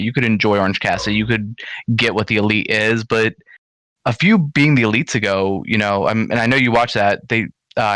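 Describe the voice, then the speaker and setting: A man's voice: on the low side, bright, forceful tone, dry recording. A man co-hosting a podcast, eagerly sharing his opinions and hopes about wrestling storylines. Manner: enthusiastic, shares opinions and hopes. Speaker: podcast co-host. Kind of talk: casual wrestling review chat.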